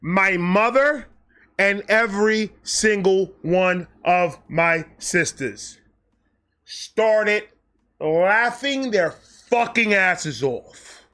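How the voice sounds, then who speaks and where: A high, bright-voiced man with a New York accent telling a wild storytime with big animated energy. He swears freely, acts out voices and keeps dropping into low, muttered asides. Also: very slow. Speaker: storyteller host.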